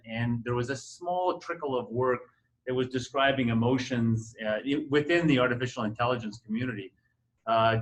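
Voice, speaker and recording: A man's voice: medium pitch, a bit bright, poor audio. A middle-aged man speaking on a conference panel, telling his story in a hesitant, conversational way with many fillers and restarts. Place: university conference room.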